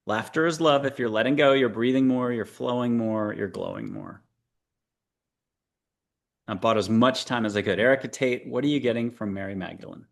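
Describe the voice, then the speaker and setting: A man hosts a spiritual talk show, leading guests and listeners through breathing and visualizations. He is playful and coaxing, slipping in dad jokes between calm guidance. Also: medium pitch, moderate pace, gravelly. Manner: playful, jokey, coaxing guide. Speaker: show host. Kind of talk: guided meditation talk show.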